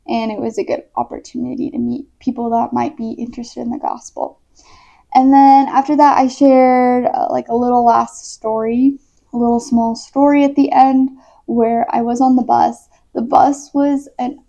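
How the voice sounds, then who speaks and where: A chatty young American woman tells a story in a casual vlog, with a mellow, slightly high voice. Her voice has a gravelly fry and plenty of "like" fillers. The sound is dull and lo-fi. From United States. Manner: chatty, many "like" fillers, laughs easily. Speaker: missionary. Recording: dull lo-fi recording.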